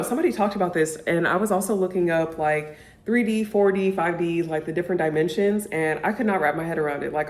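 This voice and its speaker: A woman's voice: fairly low pitch, a little mellow. A young woman vlogger chatting casually about books she loves, gushing and peppering her talk with "like". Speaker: book vlogger. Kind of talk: casual chat to camera. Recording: echoey room.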